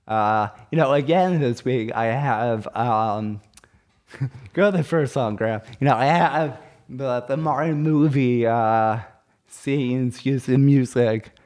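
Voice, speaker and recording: A young man co-hosting a comedy podcast chats casually, rambling and sounding hesitant, with many restarts and fillers. His voice is medium-pitched with a darkish tone, and he takes it slowly.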